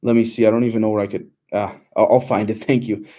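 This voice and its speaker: Mellow-voiced man chatting on a livestream. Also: fairly low pitch, level tone, fast talker. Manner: loose and rambling, many fillers and restarts. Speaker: livestream host reading chat questions. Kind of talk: casual livestream chat.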